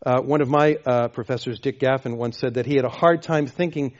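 A man preaching a sermon as pastor, emphatic, repeating phrases and swinging between loud and soft. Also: medium pitch, fairly quick, lo-fi sound. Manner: emphatic, repeats phrases, varies loudness widely.

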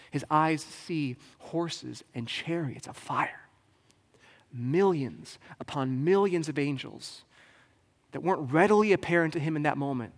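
A male pastor preaching a sermon in a casual, joking, conversational way. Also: a little high. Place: church sanctuary. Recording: long hall reverb.

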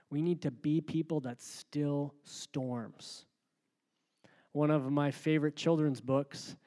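A man preaching a sermon, moving between calm, quiet talk and loud, rising passages. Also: fairly high pitch, long reverb tail. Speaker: pastor.

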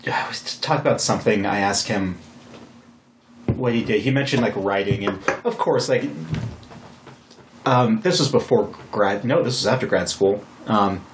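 A young man hosting a casual podcast chat, talking in a relaxed, slightly halting way. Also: fairly low pitch. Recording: roomy echo with faint noise.

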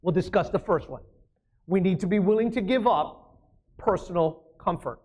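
A man's voice: high-pitched, moderate pace, darkish tone. A man as pastor preaching a sermon, emphatic, often asking the congregation questions.

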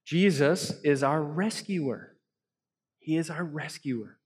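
A man preaching an earnest sermon as pastor to a congregation, swinging between loud emphasis and soft hushed lines. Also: fairly high pitch, slow, slightly rough, in a large hall. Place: church hall.

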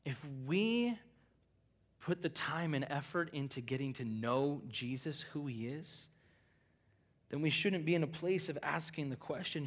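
A middle-aged pastor preaching in a fairly high voice. He drops into quiet conversational asides, then rises to loud, emphatic peaks, slipping into casual voices to act out what people say. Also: animated, measured pace. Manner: acts out quoted lines in conversational voices. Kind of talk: sermon.

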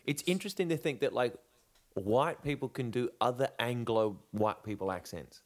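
Animated podcast man. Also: mid-range voice, moderate pace. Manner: rambling, restarts, musing aloud. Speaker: podcast co-host. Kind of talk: casual podcast chat.

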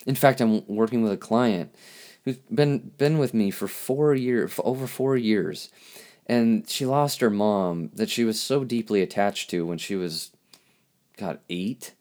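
A man hosting a podcast, speaking in a halting, reflective monologue with lots of restarts, and openly emotional. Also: on the low side, a little mellow. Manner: halting, searching for words, emotional. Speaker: podcast host.

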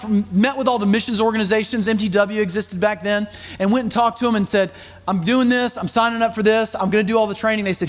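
High-voiced man preaching in a reverberant hall. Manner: conversational storytelling, animated asides. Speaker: pastor. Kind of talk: sermon.

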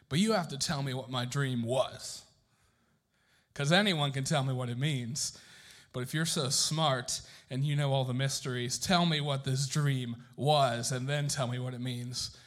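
A man's voice: on the high side, a bit bright. A young man telling a Bible story to a group in a casual, joking sermon style, asking the room questions.

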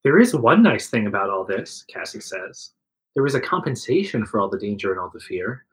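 A man's voice: on the low side, very animated, brisk, a bit bright, poor audio. A man reading a second-person adventure story aloud to friends, voicing the quotes with some liveliness. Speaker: narrator reading an interactive story.

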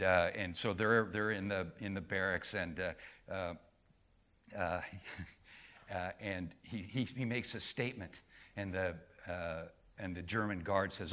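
A middle-aged man preaching a sermon as pastor, with frequent restarts, moving between loud emphatic peaks and quiet low asides. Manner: frequent restarts and repeated words.

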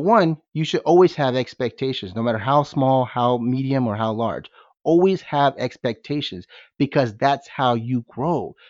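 A man hosting a podcast with high energy, firing rhetorical questions at his listeners. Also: darkish tone, no room sound. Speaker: podcast host. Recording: dull, dry lo-fi sound.

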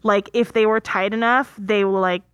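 A woman's voice: mid-range voice, fairly even intonation, moderate pace, smooth, no echo, highs cut off. A woman co-hosting a casual movie recap, chatty and full of "like" fillers, who laughs easily. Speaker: podcast co-host.

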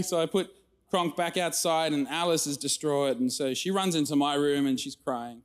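Lively Australian pastor telling stories. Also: male voice, a little high, moderate pace. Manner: storytelling with animated acted-out quotes. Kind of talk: sermon. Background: audience laughter.

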